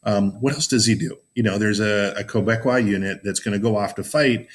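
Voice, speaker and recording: A man with a somewhat low voice talks through a history lesson in a loose, chatty way. He fills pauses with "um" and "you know" and slips in dry, sarcastic remarks. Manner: chatty and informal, many fillers, sarcastic asides. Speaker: teacher. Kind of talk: casual classroom lecture.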